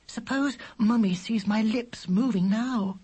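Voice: medium pitch, measured pace, warm tone, breathy edge, voice pushed up. A reader voicing an earnest, anxious young schoolgirl. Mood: worried earnest. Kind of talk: audiobook character voice.

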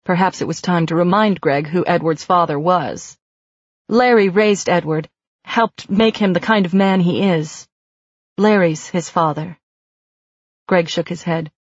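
Low-voiced woman narrating an audiobook. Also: measured pace, husky, no echo. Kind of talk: scripted narration. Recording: dry, slightly muffled lo-fi recording.

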